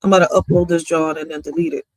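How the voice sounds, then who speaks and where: A woman's voice: sits low, fairly even intonation, rapid-fire, darkish tone, no echo. Profane, laughing woman in her thirties. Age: 30s. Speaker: poet and streamer. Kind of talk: casual chat to viewers.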